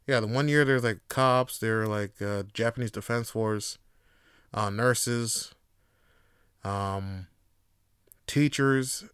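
Laid-back, profane man with a smooth voice. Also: fairly low pitch, slow, pauses often, no echo, studio quality. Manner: loose, rambling and profane, with lots of fillers; gets loud and animated when hyped. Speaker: podcast host. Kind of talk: casual solo podcast monologue.

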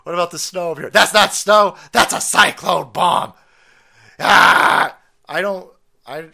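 A man hosting a livestream, ranting loudly with sarcasm, constant cursing and frequent laughter. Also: sits high, a little slow, vocal fry. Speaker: livestream host. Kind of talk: profane ranting commentary.

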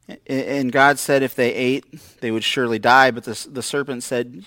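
A man's voice: medium pitch, flat delivery, normal speed, a bit bright, dry recording, studio quality. A man preaching a conversational sermon, acting out quoted voices with wry humor. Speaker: pastor. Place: church.

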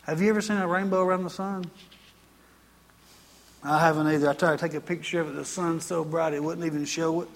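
A man's voice: fairly high pitch, steady tone, fairly quick, long pauses, big-room sound. A male pastor preaching a sermon in a folksy, chatty storytelling way, full of asides.

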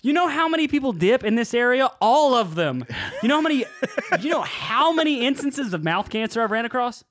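A man's voice: extremely high pitch, sing-song, fairly quick, fairly bright tone. A young man co-hosting a podcast, telling loose, profane comedic stories and laughing often. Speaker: podcast co-host. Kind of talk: casual comedic storytelling. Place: home podcast setup, drinking during the show.

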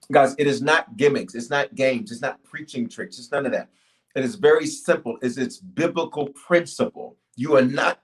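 A middle-aged man preaching and praying on a livestream, calling out to his audience with bursts of shouting and quiet asides. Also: medium pitch. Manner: energetic, call-and-response, shifts from shouting to quiet. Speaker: pastor. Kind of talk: livestreamed sermon and prayer.

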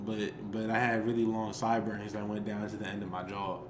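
A man's voice: on the low side, monotone, a little fast, noisy background. A young man co-hosting a podcast, joking and rambling with stammered restarts. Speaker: podcast co-host. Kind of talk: casual chat.

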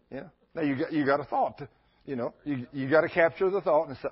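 A man with a husky, slightly breathy voice preaching in a folksy, storytelling way, jumping into lively voices for the people in his tales. The recording is dull and lo-fi, like an old church tape. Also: medium pitch, fairly quick. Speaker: pastor. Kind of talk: sermon.

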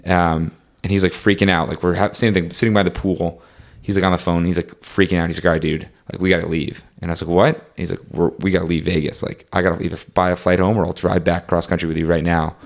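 With a very low, deep, gravelly voice and a flat delivery, a young man meanders through a road-trip story over a casual chat. He leans hard on "like" and "um," quickly reenacts the exchanges, and stays loose and conversational throughout.

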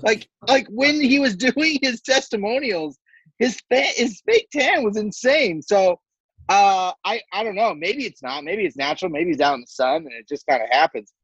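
Male podcast co-host, slightly high voice, easygoing slangy chat, dry dull recording. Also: animated, moderate pace, a bit bright, husky, no echo. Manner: laid-back, slangy, frequent fillers. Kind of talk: casual reality TV recap chat.

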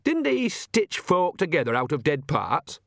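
A man's voice: a little high, huge pitch swings, a little slow, vocal fry, no echo, studio quality, pitched above the performer's own voice, heavily acted. A man voicing a cheerful, nosy old witch woman who talks in a chatty, coaxing, folksy way.

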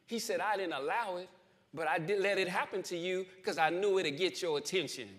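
Man preaching a testimony, high and bright, keeps repeating lines and calling out to the crowd. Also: brisk. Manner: call-and-response preaching, emphatic repetition, swells louder to the crowd. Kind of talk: testimony sermon. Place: church.

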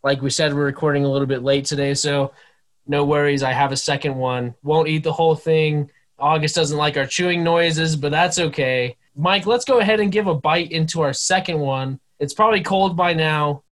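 A man's voice: a little high, steady tone, normal speed, a bit bright. A young man co-hosting a casual podcast, joking and swearing freely as he leads the chat. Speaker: podcast co-host.

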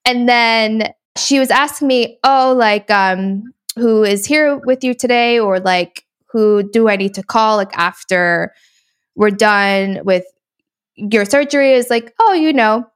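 Young woman, higher voice, chatty storyteller, casual chat. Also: slow, clear, resonant tone. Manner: chatty storyteller, many fillers, frequent laughs.

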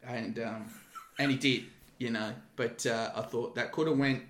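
In an echoey room, a man in his thirties with an Australian accent, a former security guard appearing as a podcast guest, tells profane, brash security stories in casual chat. His voice is medium-pitched and fairly bright, with fairly even intonation and a slightly slow pace.

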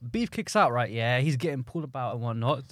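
A man's voice: mid-range voice, lively intonation, quick pace, no room sound, studio quality. A man co-hosting a football podcast, telling match moments in casual chat. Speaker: podcast co-host.

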